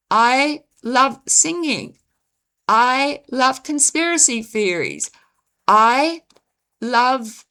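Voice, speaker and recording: Slow, bright-voiced woman musing aloud. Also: a little high. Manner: measured, deliberate delivery with frequent pauses. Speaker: channel host reading her own essay. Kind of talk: slow reflective commentary narration.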